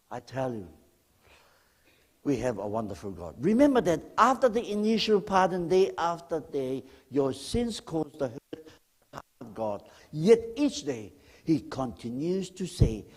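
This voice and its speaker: A man preaching a sermon as a guest pastor, speaking straight to the congregation with questions and swinging between loud emphasis and near-whispered lines. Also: medium pitch, big pitch swings, slow, breathy edge. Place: church.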